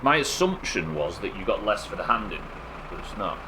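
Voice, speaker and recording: Low-voiced man chatting on a live game stream. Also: sing-song, a little fast, heavy background noise. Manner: casual, chatty, swears, answers viewers. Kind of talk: live gaming stream chat.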